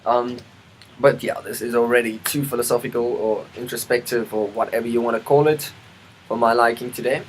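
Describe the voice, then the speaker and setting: A South African man vlogs in a loose, rambling monologue, his mid-range voice steady and a little fast. He keeps interrupting himself with ums, restarts and chatty side remarks, including asides about the weather. The audio is poor, with slight background noise.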